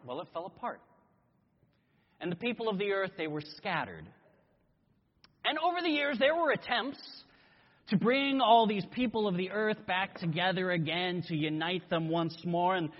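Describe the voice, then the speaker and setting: A man preaching a sermon, telling a story in an animated way and acting out voices. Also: high-pitched. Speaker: pastor. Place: church sanctuary. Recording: echoey hall, dull lo-fi sound.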